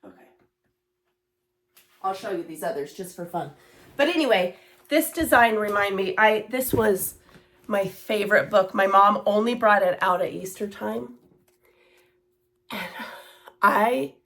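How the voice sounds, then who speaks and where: A woman's voice: medium pitch, a bit bright. A woman in her thirties chatting casually in a cross-stitch vlog, rambling with asides and fillers. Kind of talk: casual chat.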